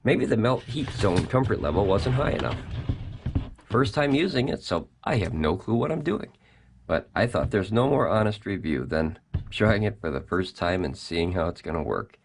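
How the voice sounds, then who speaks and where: A man's voice: on the low side, expressive, normal speed, slightly rough. A man hosting a casual product review vlog, chatty and folksy, talking straight to his viewers from a home kitchen.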